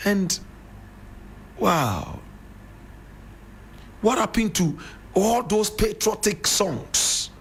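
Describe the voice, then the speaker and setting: A Ghanaian man with a Ghanaian English accent speaks in a raised, gravelly voice, preaching at his listeners like a fired-up radio host. His tone is husky and rough at the edges. He keeps calling his audience brother and sister. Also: fairly high pitch, a bit bright. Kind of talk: impassioned radio monologue.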